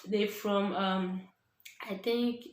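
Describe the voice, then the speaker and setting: A woman's voice: mid-range voice, drawn-out words. A Ghanaian woman vlogger telling a personal story casually, acting out what others said. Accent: Ghanaian English. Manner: animated, acts out other people's voices. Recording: echoey room.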